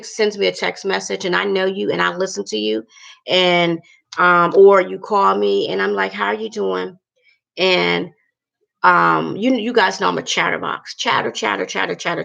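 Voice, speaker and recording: A woman's voice: on the low side, vocal fry, a bit bright. A woman vlogger venting emotionally to her viewers in a chatty, emphatic way, repeating herself as she talks. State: emotional, upset. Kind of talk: emotional personal vlog rant.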